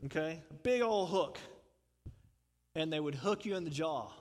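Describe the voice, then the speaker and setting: A man's voice: on the high side, lively intonation, a little slow, long reverb tail. A man preaching a sermon in a conversational way, putting questions to the congregation and chuckling. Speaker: pastor.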